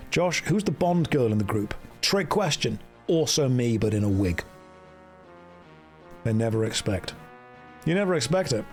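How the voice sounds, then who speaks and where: A man chatting on a live game stream in a joking, self-mocking way. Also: medium pitch. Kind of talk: casual live-stream chat.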